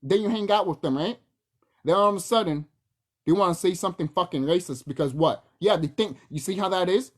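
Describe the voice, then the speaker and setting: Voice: medium pitch, a little fast. A young adult video blogger ranting heatedly to the camera, swearing a lot and mocking the people they address. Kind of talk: profane angry rant to camera.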